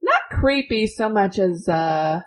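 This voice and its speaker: A woman co-hosting a casual film podcast, chatty and quick to laugh. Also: medium pitch, sing-song, poor audio. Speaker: podcast co-host. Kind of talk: casual chat.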